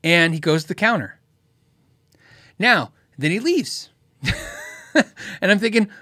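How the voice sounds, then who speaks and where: Animated high-voiced man telling a story. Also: slow pace, pauses often, dry recording, clean studio sound. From Tucson, Arizona. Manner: animated, laughs often, acts out quotes. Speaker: host of a guitar Q&A show. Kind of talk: casual storytelling.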